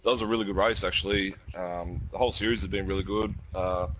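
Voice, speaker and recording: An Australian man, a guest racing driver, answering modestly and hesitantly with many pauses. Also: deep voice, steady tone, a bit bright, slight background noise, low-quality recording. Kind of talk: casual interview answers.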